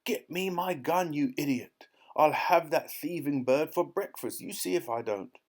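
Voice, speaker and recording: A pompous old duke with a short temper, as a man puts him on for a storybook reading. He blusters and bellows, his voice pushed well above the reader's own. Grand, gruff and easily outraged. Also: mid-range voice, expressive, moderate pace, a little mellow, voice pushed up, close to an everyday voice. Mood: furious.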